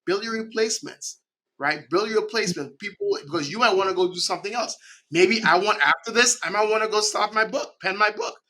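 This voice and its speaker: Animated man from the Caribbean. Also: high voice, fairly quick. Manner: animated, repeats "right?" often. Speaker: podcast guest. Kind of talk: conversational interview.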